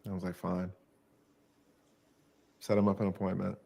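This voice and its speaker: Low-voiced man telling a lively story. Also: moderate pace, gravelly. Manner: profane, animated anecdote telling. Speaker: former lawyer and commentator. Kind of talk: casual storytelling chat.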